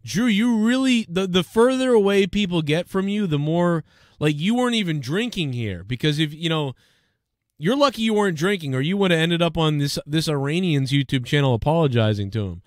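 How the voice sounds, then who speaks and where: A man with a fairly high voice hosts a live stream, cursing and heated. The sound is close and dry, with almost no room behind it. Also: animated, brisk, dry recording. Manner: swearing, heated, mocking. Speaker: live show host. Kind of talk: profane live-stream rant.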